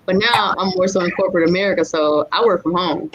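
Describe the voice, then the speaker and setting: A woman's voice: lowish voice, fast. A woman speaking bluntly and directly in a casual group chat. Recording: dull lo-fi sound with faint noise.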